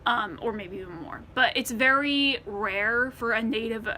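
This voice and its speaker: Bright-voiced American woman vlogging. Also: on the high side, a little slow, slight background noise. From United States. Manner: rambling, many ums and restarts. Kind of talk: casual Q&A to camera.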